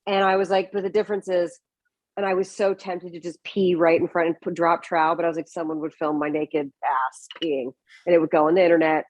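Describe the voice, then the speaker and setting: A woman's voice: fairly low pitch, steady tone, brisk, no echo. A woman co-hosting a podcast, bantering and joking in casual chat. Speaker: podcast co-host.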